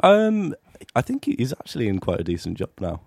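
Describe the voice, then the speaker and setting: A man's voice: mid-range voice, wildly swooping pitch, fairly quick, creaky, darkish tone, no echo. A young man, telling a rambling, self-mocking story in casual chat and laughing often. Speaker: podcast guest telling a story.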